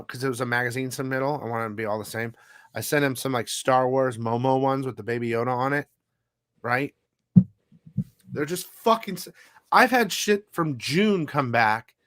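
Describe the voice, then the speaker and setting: A man's voice: medium pitch, fairly bright tone, dry recording. A man hosting a comic haul live stream, chatting casually in a rambling, profane way. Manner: rambling, profane, loose storytelling. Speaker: comic haul show host.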